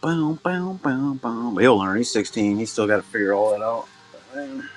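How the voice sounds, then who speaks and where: A man's voice: mid-range voice, normal speed, soft background music. A middle-aged man hosting a live card-break stream, chatting loosely and humming little filler sounds between remarks. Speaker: livestream card-break host. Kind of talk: casual live-stream chat.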